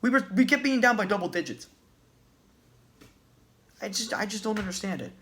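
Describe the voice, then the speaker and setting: A man's voice: high voice, expressive, moderate pace, a bit bright. A man ranting as a basketball fan in a vlog, agitated, profane and repeating himself. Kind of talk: sports rant vlog.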